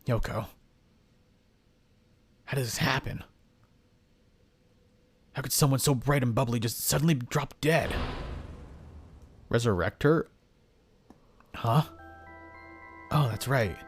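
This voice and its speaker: A man's voice: mid-range voice, slow, pauses often, soft background music. A man voicing a frightened young male protagonist as he reads game dialogue aloud, stammering through anxious self-talk. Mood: shaken, somber.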